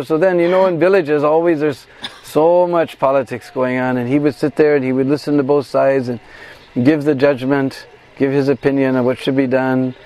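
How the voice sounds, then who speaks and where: A man guiding a pilgrimage, telling a devotional story in an animated way and acting out the quoted voices. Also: on the high side. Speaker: pilgrimage guide and devotional speaker. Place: at a shrine on pilgrimage.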